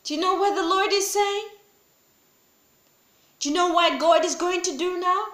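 High, bright-voiced woman preaching. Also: moderate pace, echoey room. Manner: emphatic and repetitive, swinging from loud pleading to low grave tones. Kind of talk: sermon.

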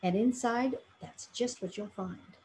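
A woman's voice: fairly high pitch, measured pace, dark tone, a little hiss or hum, close to an everyday voice. A woman voicing a jolly, kindly old Santa Claus in a storybook reading, with a reassuring manner.

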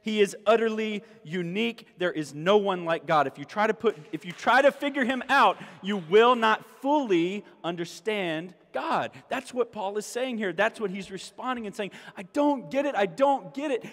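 High-voiced man preaching in a hall. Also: lively intonation, moderate pace, few pauses, fairly bright tone. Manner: emphatic, rising to exclamations and repeating key phrases. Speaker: pastor. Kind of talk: sermon. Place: church sanctuary.

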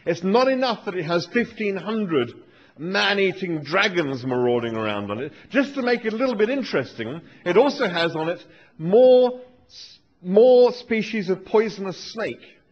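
A man, giving a humorous live talk on stage with dry, wry, deadpan asides. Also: high-pitched, normal speed. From England. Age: 40s. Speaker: author giving a live reading. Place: lecture hall with an audience. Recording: dull lo-fi live recording with faint noise.

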